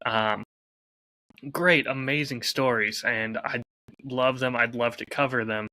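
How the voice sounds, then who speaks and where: A man's voice: mid-range voice, fairly even intonation, takes it slowly, pushed and bright, no echo. A man co-hosting a podcast in casual chat, speaking earnestly and hesitantly, with frequent fillers. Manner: hesitant, lots of ums and restarts, earnest. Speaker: podcast co-host.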